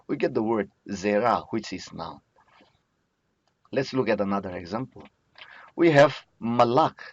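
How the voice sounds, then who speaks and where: A low-voiced man, talking through a lesson at an unhurried, deliberate pace. He explains patiently and says key words twice. The sound is dry and a bit dull, like a lo-fi lecture recording. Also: no echo. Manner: slow, patient explaining with frequent repetition. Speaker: teacher.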